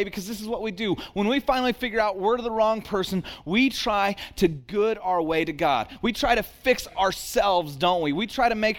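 A man in his thirties preaches a sermon in a high-pitched voice. He tells stories about his family, repeats words for emphasis and leans on dramatic pauses. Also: expressive, long reverb tail. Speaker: pastor.

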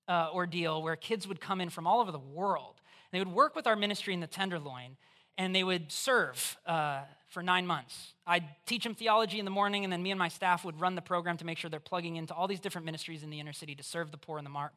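A preacher giving a conversational, animated sermon in church, putting questions straight to the listeners. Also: mid-range voice. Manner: acts out voices in quotes.

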